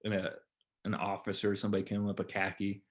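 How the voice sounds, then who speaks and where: A young man co-hosting a casual podcast, telling animated, profane stories. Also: on the low side, fast talker. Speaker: podcast co-host. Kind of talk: casual chat.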